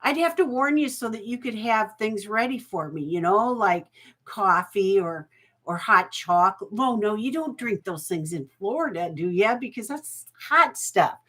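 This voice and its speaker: A woman's voice: medium pitch, animated, normal speed, fairly bright tone. A woman hosting a live jewelry auction stream, chatty and folksy, laughing often and getting emotional.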